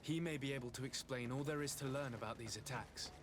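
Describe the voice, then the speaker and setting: An actor playing a courteous, composed noble envoy in a role-playing game. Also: male voice, medium pitch, fast, noisy background, close to an everyday voice.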